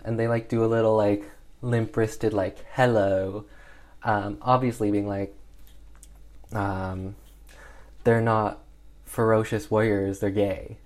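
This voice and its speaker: A man's voice: fairly low pitch, darkish tone. A young man casually recapping an old comedy film in a rambling way, full of "like" and "um" fillers. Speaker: film reviewer.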